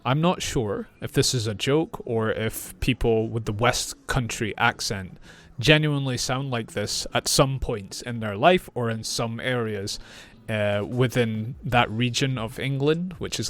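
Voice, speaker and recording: A man with a northeast Scottish accent, an English teacher reacting to accent clips, speaking clearly and patiently. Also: mid-range voice, a little slow, few pauses, fairly bright tone. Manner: clear, patient, repeats phrases. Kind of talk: reaction video, explaining accents.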